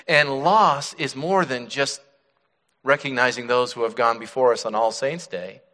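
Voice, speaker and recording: A middle-aged male pastor preaching a sermon, dropping to soft hushed tones and then rising with emphasis. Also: medium pitch. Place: church sanctuary. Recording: church hall reverb.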